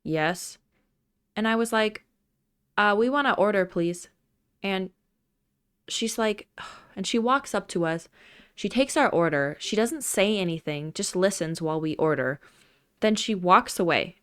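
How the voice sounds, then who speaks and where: A woman's voice: mid-range voice, a bit bright. A woman hosting a casual chat vlog, giving chatty, exasperated commentary. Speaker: vlog host.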